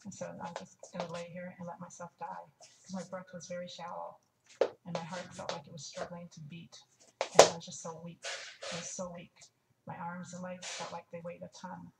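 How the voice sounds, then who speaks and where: A woman's voice: on the low side, monotone, normal speed, creaky, very noisy. An older woman telling a personal story in a frank, wry way, stopping to restart and add asides. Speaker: testimony speaker. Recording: echoey room, mic at a distance, faint ambience.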